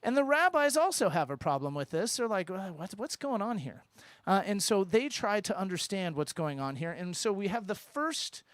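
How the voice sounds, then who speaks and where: A man teaching a congregation in a synagogue, lively and informal, with joking asides and questions to the room. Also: sits high, normal speed, hardly any pauses, dry recording, clean studio sound. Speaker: rabbi teaching at a Shabbat service. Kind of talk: interactive sermon with congregation. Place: synagogue sanctuary.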